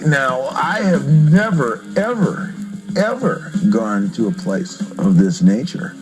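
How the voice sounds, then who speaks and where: Brief: man rock interviewee, playful, jokey raconteur, mid-pitched voice, old interview disc. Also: slow, music in the background, low-quality recording. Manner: joking, animated storyteller who laughs often. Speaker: rock singer being interviewed. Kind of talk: casual interview storytelling. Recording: vintage interview record.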